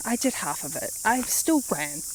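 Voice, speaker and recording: A woman's voice: fairly high pitch, sing-song, unhurried, a bit bright, a little hiss or hum, poor audio. A woman, chatting casually to camera in a rambling vlog. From New Zealand. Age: late 20s. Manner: rambling, chatty, with frequent fillers. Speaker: vlogger.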